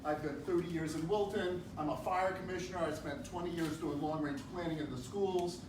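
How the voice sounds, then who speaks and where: An earnest man introduces himself to voters at a campaign event. His voice is fairly high, and he is recorded from a distance in an echoey room with steady background noise. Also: brisk. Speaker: candidate. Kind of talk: campaign speech.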